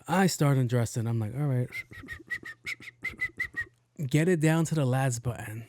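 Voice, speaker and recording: A man hosts his podcast and spins a story in a loose, profane style, slipping into the voices of the people in it. His voice is mellow and warm. The sound is dry and close, with no room echo. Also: medium pitch, a little slow. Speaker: podcast host. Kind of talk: casual storytelling.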